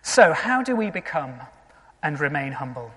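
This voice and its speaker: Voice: mid-range voice, very animated, normal speed, bright, forceful tone, in a large hall. A pastor preaching a sermon in an earnest, conversational way, often asking the congregation rhetorical questions.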